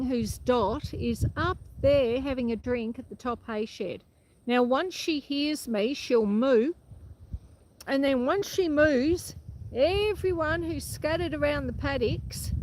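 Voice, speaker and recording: A high-pitched woman chats unhurriedly to her livestream viewers from a farm paddock, answering their comments as she walks. Her voice cracks in places. She speaks into a handheld phone outdoors, and loud wind noise comes through. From Australia. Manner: chatty, answers viewers' comments while walking. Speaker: livestream host. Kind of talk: casual livestream chat.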